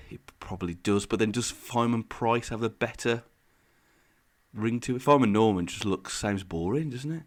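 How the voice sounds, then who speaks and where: A man's voice: medium pitch, moderate pace. A man co-hosting a podcast in casual chat, rambling through his explanations with frequent laughs. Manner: rambling, eager explainer who laughs often. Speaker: podcast co-host.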